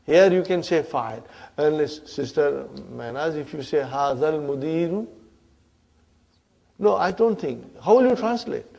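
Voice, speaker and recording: A man with a fairly high voice teaches Arabic grammar to a class at an unhurried pace. He works through each term step by step and repeats his points. He often stops to ask "huh?" or "are you with me, brothers and sisters?". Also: expressive, vocal fry, darkish tone, highs cut off. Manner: checks understanding with frequent "huh?" and "brothers and sisters". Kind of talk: classroom lecture.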